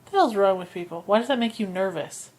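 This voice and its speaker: A woman's voice: mid-range voice, lively intonation, fast talker, a little mellow. A tired woman co-hosting a podcast in casual chat, sassy and playful. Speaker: podcast co-host.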